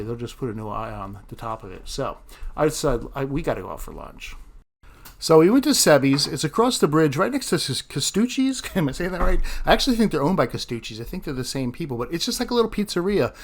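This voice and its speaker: A man tells stories from his fishing trips in a loose, rambling vlog voice. He talks quickly, chuckles through the mishaps and keeps it casual. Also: mid-range voice, very animated. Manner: chatty, laughs often, self-deprecating. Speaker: fishing vlogger.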